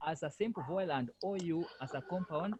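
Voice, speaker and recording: A man's voice: a little high, fairly quick, darkish tone. A male French language lecturer giving an online lesson over a video call, repeating himself and firmly correcting students. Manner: repetitive, firm corrections.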